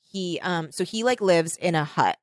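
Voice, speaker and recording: A woman's voice: on the low side, moderate pace, no echo, clean studio sound. A woman co-hosting a podcast in casual chat, retelling things in a giggly, rambling way full of fillers. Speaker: podcast co-host.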